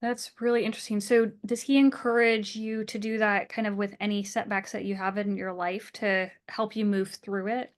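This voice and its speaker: A woman's voice: medium pitch, flat delivery, normal speed, hardly any pauses. A woman hosting a podcast, encouraging her guest with short affirmations and follow-up questions. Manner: encouraging, frequent backchannel. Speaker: podcast host. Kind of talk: conversational interview.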